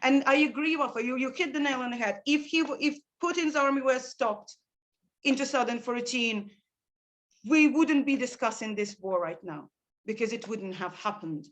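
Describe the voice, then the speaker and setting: Woman panelist, high pitch, impassioned, stumbling restarts. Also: normal speed, poor audio. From Ukraine. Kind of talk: panel discussion.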